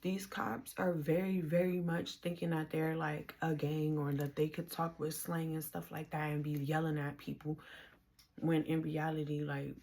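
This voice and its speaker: A woman's voice: low-pitched, little pitch movement, moderate pace, creaky, a little mellow, a little hiss or hum. A woman in her twenties from the Bronx with a New York accent, telling her own story to camera in casual slangy talk. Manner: casual slangy talk, quoting others in voices, rising when heated.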